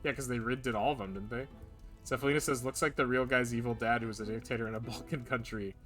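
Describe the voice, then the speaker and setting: A man's voice: mid-range voice, steady tone, fast talker, fairly bright tone. Playful male streamer, mid voice, music bed. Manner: jokey, playful. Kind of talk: casual stream chat, reading chat aloud. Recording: game music behind.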